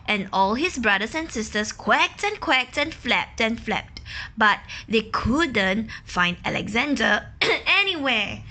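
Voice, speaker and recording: A woman reading a children's picture book aloud, pausing to ask questions, explain words and imitate quacking ducks. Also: on the high side, lively intonation, pushed and bright. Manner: imitates quacking and gasps for effect. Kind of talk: children's story read-aloud.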